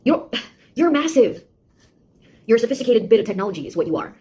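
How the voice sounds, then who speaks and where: A woman's voice: a little high, sing-song, quick pace, warm tone, a little hiss or hum. An actress playing a sarcastic young woman, a beta tester who mocks and scolds a nosy AI in a one-sided audio drama. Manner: mocking, taunting, exasperated.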